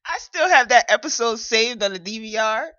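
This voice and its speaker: A woman with a bright, fairly high voice chats casually as a morning show host. She keeps breaking into laughter as she retells a scene. The audio is dull and lo-fi. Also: normal speed. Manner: laughing often, animated retelling. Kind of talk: casual chat.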